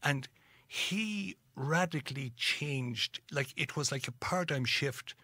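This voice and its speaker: There's no echo as this middle-aged Irishman talks slowly in a mid-range voice. As an interview guest, he tells lively stories and mimics the people he quotes.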